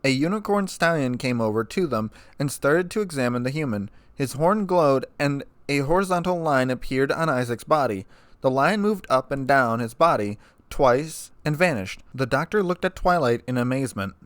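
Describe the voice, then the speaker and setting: Male narrator, plain steady read, dry close sound, middle pitch. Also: normal speed, dry recording. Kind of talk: fan fiction reading.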